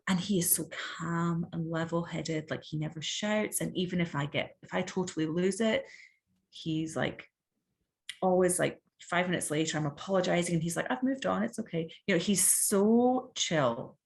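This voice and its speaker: A woman's voice: lowish voice, normal speed, gravelly. A Scottish woman in her thirties, a podcast guest talking candidly and animatedly, full of fillers and quoted asides. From Scotland. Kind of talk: candid conversational interview.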